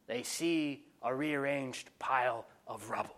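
A man's voice: medium pitch, slow pace, fairly bright tone. A man preaching an expository sermon, driving points home with emphatic rhetorical questions. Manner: emphatic, rhetorical questions, stressing key words.

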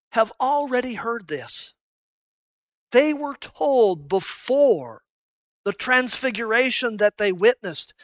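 Slow, bright, emphatic preacher. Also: mid-range voice, no room sound. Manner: emphatic, repeating key phrases, swinging between loud and hushed. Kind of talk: sermon.

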